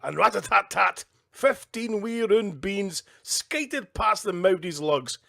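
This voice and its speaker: A man from the Scottish Highlands with a Highland accent, reading a children's book aloud in a casual, jokey way at his kitchen table. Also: animated, slow, vocal fry, pushed and bright. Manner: easygoing, jokey, chatty asides. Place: kitchen at home, indoors.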